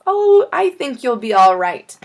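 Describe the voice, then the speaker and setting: A woman's voice: high-pitched, big pitch swings, unhurried, full character voice. A woman reading as a patient cheerful teacher. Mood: instructive. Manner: patient, instructive. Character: cheerful female schoolteacher.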